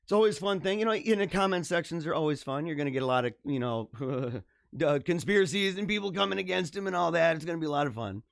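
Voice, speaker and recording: A man hosting a casual live stream, reading viewer comments, animated and jokey, laughing often. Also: on the high side, fast talker, vocal fry, no room sound, studio quality.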